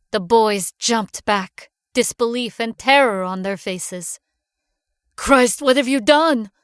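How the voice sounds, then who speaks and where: A woman reading a first-person horror story aloud in a measured, hushed manner. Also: mid-range voice, no echo, clean studio sound. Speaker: narrator. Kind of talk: scripted horror narration.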